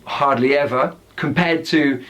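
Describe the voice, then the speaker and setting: A man's voice: medium pitch, unhurried, a bit bright. A man with a British accent, explaining slang words in a chatty, teacherly way and acting out example phrases. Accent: British English. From Britain.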